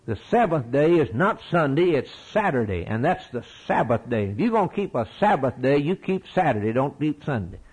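Middle-aged preacher guy, husky voice that swings way up and down, folksy and emphatic. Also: medium pitch, sing-song, normal speed, hardly any pauses, a little mellow, low-quality recording. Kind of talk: sermon.

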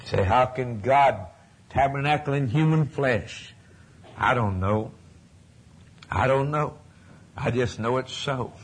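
Husky-voiced impassioned male preacher. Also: mid-range voice. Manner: impassioned, swings from loud declaring to hushed near-whispers; folksy, repetitive phrasing. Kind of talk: sermon.

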